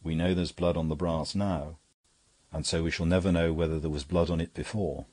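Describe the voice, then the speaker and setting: A man voicing a small, quiet male priest detective who speaks in a calm, measured way. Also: very deep voice, husky, no room sound.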